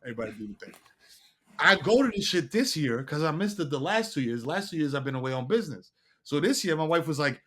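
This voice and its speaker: Lively New storyteller man. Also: on the high side, quick pace. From New York. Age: middle-aged. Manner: animated, profane, acts out the people in his stories. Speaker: podcast guest. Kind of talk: casual storytelling chat.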